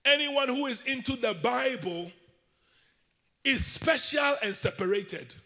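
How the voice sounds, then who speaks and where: High bright-voiced African preacher. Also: male voice, expressive, long reverb tail. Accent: West African. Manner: call-and-response, drawing out key phrases slowly. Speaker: bishop preaching. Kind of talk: sermon.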